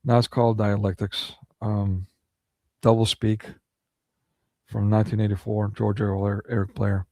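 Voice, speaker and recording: A man's voice: on the low side, flat delivery, moderate pace, pauses often, a little mellow, dry recording. A man delivering a ranting monologue of political commentary, indignant and full of rhetorical questions.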